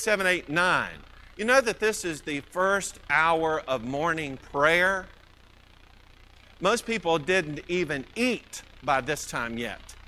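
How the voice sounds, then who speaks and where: Mississippi guy teaching the bible, lively swooping voice, asks questions then answers them. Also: high voice, rough recording. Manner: animated, poses rhetorical questions and answers them.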